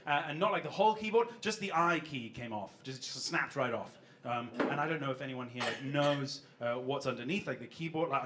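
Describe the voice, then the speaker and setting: A man's voice: medium pitch, a little hiss or hum. A man doing a rambling, self-deprecating stand-up set, chatting with the audience from a club stage. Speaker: stand-up comedian. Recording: live club with loud crowd laughter. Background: audience laughing.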